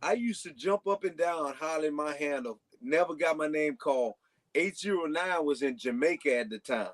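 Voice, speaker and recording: A man's voice: a little high, normal speed. A man telling long casual stories as a guest on a talk show, rambling with frequent restarts. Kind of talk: casual storytelling.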